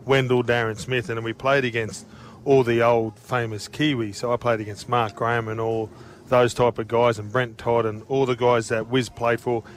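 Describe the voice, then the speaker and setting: An Australian man, a former player and radio co-host, telling animated stories in casual chat. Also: medium pitch, moderate pace. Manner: animated, tumbling anecdotes, often breaking into laughter.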